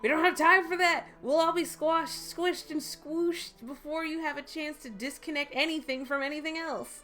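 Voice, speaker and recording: A bubbly little slime creature chatters along sweetly, as a woman reads it out over faint game music. The voice sits a touch high and stays friendly and apologetic. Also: moderate pace, bright, forceful tone. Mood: urgent.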